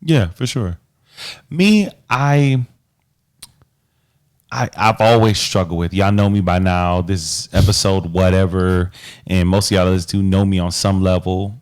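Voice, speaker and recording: A man's voice: sits low, measured pace, a little mellow, clear, resonant tone. A man co-hosting a podcast, talking in an earnest, reflective way with loose casual slang. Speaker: podcast co-host. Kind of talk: casual relationship chat.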